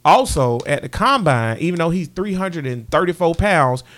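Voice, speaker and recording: Animated, teasing man, bright lively voice. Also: a little high, moderate pace. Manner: animated, teasing, laughs often. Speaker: podcast co-host. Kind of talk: casual sports chat.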